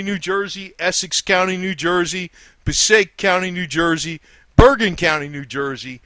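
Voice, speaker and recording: An indignant man rants straight to camera, swearing freely and hammering his points again and again. His voice sits a little high for a man and sounds dry and close, with no room around it. He turns to call out the people he blames by name. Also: fairly bright tone, no room sound. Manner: indignant, profane, repeats lines for emphasis; talks straight to his targets. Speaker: independent commentator. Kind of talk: ranting monologue.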